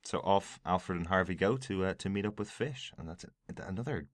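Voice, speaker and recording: Very deep-voiced Irish man, dry sound. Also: brisk, no room sound. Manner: chatty and recapping, with frequent fillers and laughter. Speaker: podcast co-host. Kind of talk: casual podcast chat.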